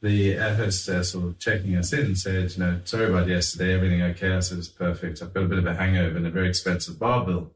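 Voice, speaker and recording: A middle-aged man telling anecdotes in an animated, chuckling way, acting out what others said. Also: low voice, quick pace, hardly any pauses, a little hiss or hum. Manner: animated, chuckling raconteur who acts out quotes. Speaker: guest telling stories. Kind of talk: anecdotal storytelling. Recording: roomy, distant mic.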